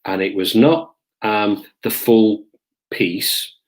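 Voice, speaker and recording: A middle-aged man tells old police stories straight to the camera. His voice sits a little low and unhurried, broken by hesitant ums as he searches for the next detail. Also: fairly even intonation. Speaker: police officer recounting his career. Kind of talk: casual storytelling to camera.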